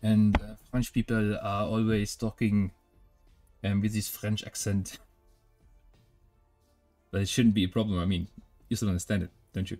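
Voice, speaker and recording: German man, native German speaker with a German accent, lowish voice, relaxed hesitant hobby-stream chat. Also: moderate pace, long pauses, soft background music. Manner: hesitant, many filler sounds. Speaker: miniature painting streamer. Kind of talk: casual chat while painting.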